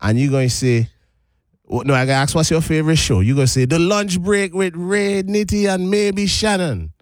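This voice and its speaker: A man's voice: fairly high pitch, moderate pace, no echo, clean studio sound. A man hosting a live radio show, chatting and laughing as he coaxes a caller along. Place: radio studio. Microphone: studio microphone.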